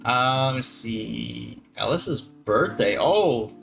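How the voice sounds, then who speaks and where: Casting: man, mid-pitched voice, loose and slangy co-host, faint music behind. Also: animated, very slow, vocal fry, fairly bright tone. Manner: rambling, swearing, slangy. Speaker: podcast co-host. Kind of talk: casual chat.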